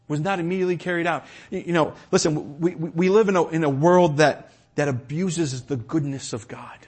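A man with a breathy, husky edge to a fairly high voice delivers a church sermon. He stammers and repeats words as he builds, pressing hard on key phrases before falling quiet and slow. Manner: impassioned, repeats words, swings from loud emphasis to quiet. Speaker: preacher.

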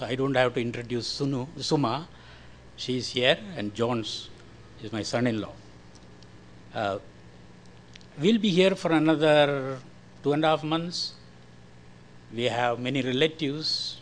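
An older man from India with a Malayalam-influenced Indian accent, giving a slow, careful church testimony. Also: mid-range voice, slight background noise. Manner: slow, careful, friendly with short laughs. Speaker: guest speaker giving testimony.

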